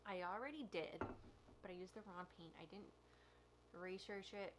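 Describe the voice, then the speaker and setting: A young woman talks to camera in a relaxed, confessional vlog. Her voice sits on the low side, and she wanders through her thoughts candidly and at times drops almost to a hush. A faint hum of room noise sits behind her. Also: normal speed. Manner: candid, meandering, soft at times. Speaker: vlogger. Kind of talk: casual confessional vlog chat.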